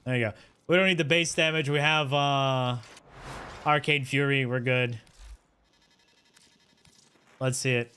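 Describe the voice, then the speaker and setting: A man's voice: mid-range voice, steady tone, unhurried, pauses often, sharp tone, slight background noise. A man streaming a game, chatting casually with his viewers in a rambling, self-mocking way. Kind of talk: casual game livestream chat.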